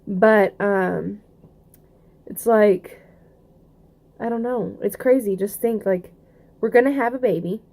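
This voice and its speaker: A woman's voice: medium pitch, creaky, a little mellow. A young woman with a Southern US accent, chatting casually in a rambling vlog update, full of fillers and restarts. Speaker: vlogger.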